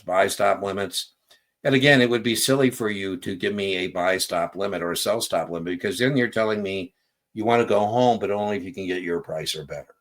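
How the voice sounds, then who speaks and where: A man's voice: low voice, fairly bright tone. A man giving a casual exam-prep lesson, explaining with anecdotes and acted-out dialogue. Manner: conversational, storytelling, acts out quoted dialogue.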